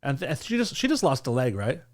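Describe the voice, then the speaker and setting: Man co-host, loose rambling chat, dark jokes, some swearing. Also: medium pitch, huge pitch swings, brisk. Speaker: podcast co-host. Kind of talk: casual chat.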